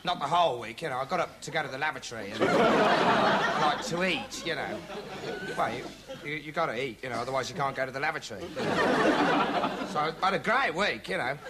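An actor playing a dim, bumbling young male reporter who talks straight to camera in a deadpan, rambling way, full of "like" and "you know". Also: on the high side, fairly quick, long pauses, over a noisy crowd, natural voice. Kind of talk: comic monologue to camera. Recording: noisy TV studio with audience laughter.

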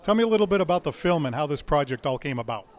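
Fast-talking male interviewer. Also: a little high, animated. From Massachusetts. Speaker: show host. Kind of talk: interviewing cast at an event.

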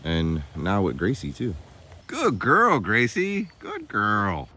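A young man vlogging casually around his farm and new house, chatting, laughing often and using high baby talk with the animals. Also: huge pitch swings, slow pace, sharp tone, slight background noise. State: soaked from rain. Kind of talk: casual vlog narration. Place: outdoors on a farm, and a house under construction.

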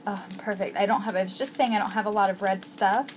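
A woman's voice: medium pitch, fairly even intonation, quick pace. A woman vlogger unboxing a crafting package, gushing with gasps and exclamations. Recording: noisy home recording.

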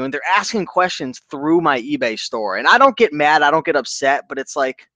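A man hosting a casual livestream about online reselling, upbeat and chatty, giving shout-outs to viewers. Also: a little high, very animated, moderate pace, few pauses, no echo.

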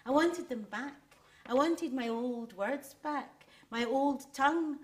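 A woman reciting a poem in a slow, deliberate and expressive way. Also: high-pitched. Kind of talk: poetry recitation.

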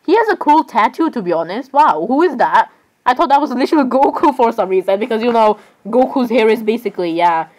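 Here a young woman vlogger with a fairly high, slightly mellow voice talks casually over her gameplay. Her pace is brisk and her intonation lively as she rambles, grows exasperated with the other players, and apologizes again and again, all on a rough recording.

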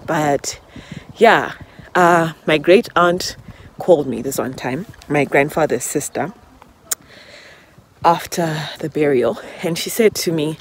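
A woman's voice: low voice, slow, long pauses. Woman vlogging on a walk outside, emotional, rambly, faint wind and traffic noise behind her. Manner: emotional, rambling, laughs through tears. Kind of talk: heartfelt vlog talk while walking outdoors. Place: outdoors on a walk in public.

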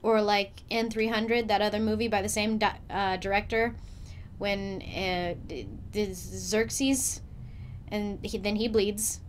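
A woman hosting a let's play, giving casual game commentary in an animated, rambling way with playful asides. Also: mid-range voice, slight background noise.

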